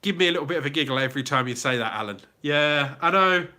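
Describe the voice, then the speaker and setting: Bright, chatty British man hosting a livestream. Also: a little high, lively intonation, fast. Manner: chatty, greets viewers by name, laughs easily. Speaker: YouTube channel host. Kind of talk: livestream Q&A reading chat.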